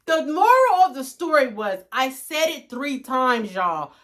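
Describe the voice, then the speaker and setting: A woman co-hosting a mother-daughter chat show, sarcastic and animated, often talking over her daughter. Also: high voice, unhurried. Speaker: podcast co-host, mother. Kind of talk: casual chat.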